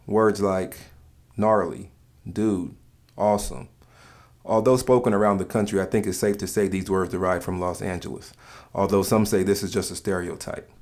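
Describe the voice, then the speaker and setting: A man from the States, giving calm, measured scripted narration for a countdown video. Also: deep voice. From Southern United States.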